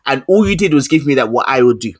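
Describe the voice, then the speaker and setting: A man's voice: medium pitch, lively intonation, fast. A man co-hosting a casual film review podcast, heated and teasing, calling his co-hosts liars. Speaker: podcast co-host.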